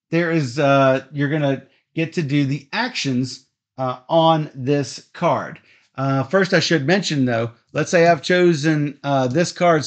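Man, slightly high voice, slow methodical rules explainer with lots of fillers. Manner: steady, methodical, frequent fillers. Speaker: board game teacher.

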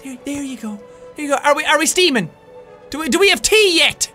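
An Irish man in his twenties doing loud, frantic gameplay commentary, swearing and yelling at the game. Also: extremely high pitch, animated, brisk, faint music behind. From Ireland. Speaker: gaming YouTuber.

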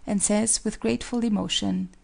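A woman narrating the stage directions of an audiobook play in an even, measured reading. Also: medium pitch, gravelly.

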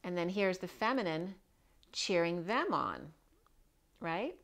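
A woman with a fairly low voice gives a loose, rambling tarot reading. She circles back on her words and keeps checking in with the listener. Her tone is casual and conversational. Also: expressive, slow pace, fairly bright tone. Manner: rambling, repeats herself, frequent "right?" check-ins. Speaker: tarot reader.

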